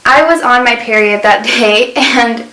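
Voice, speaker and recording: A woman's voice: a little high, measured pace, pushed and bright. A young woman vlogger telling a story casually, chatty and full of fillers. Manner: chatty, many fillers, acts out quotes. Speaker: beauty vlogger. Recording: roomy echo.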